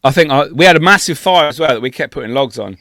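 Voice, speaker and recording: A man's voice: fairly high pitch, animated, fast talker, pushed and bright, no echo, clean studio sound. A young adult man, a podcast co-host, telling a long anecdote in casual chat, full of swearing.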